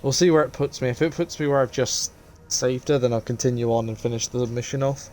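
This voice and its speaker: A man's voice: medium pitch, steady tone, fast, darkish tone, soft background music. Exasperated man commentating a game. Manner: exasperated outbursts, repeating words over and over. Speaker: gaming channel host.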